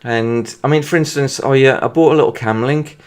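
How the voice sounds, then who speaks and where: A man's voice: medium pitch, a little fast. A man, stuffy-nosed from hay fever, giving rambling, hesitant casual commentary while playing a football video game. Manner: rambling and hesitant, full of restarts. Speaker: gaming video creator.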